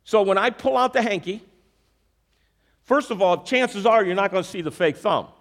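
A man preaches at normal speed in a high voice, demonstrating a magic trick as an object lesson. He is animated, regularly questions the audience, and repeats verses to emphasize them.

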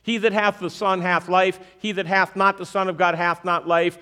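A man's voice: sits high, normal speed, clean tone. A man preaching a sermon, using a magic trick as an object lesson and often checking in with the audience. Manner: animated, questioning the audience, repeating verses for emphasis.

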